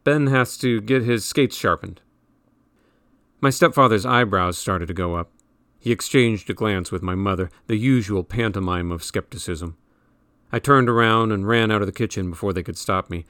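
A man reading a novel aloud in measured, wry audiobook narration. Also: lowish voice, a bit bright, no echo, clean studio sound.

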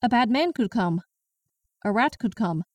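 A woman's voice: a little high, lively intonation, measured pace, a little mellow, no echo, recorded from a distance. A woman voices a stern Chinese grandmother in her late sixties, speaking broken English with a Chinese accent. She tells her story bluntly and with plain indignation, in an audiobook style. The voice sits a little off the mic in a dead, dry room. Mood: indignant. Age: 60s. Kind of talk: first-person audiobook narration.

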